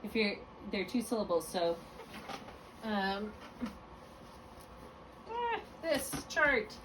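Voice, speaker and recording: A woman teaches phonics one-on-one at a patient, step-by-step pace and often stops to correct herself. Her voice sits at a middle pitch. She is picked up from some distance, with a faint hiss in the background. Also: wildly swooping pitch, drawn-out words. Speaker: reading tutor. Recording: distant mic with faint room noise.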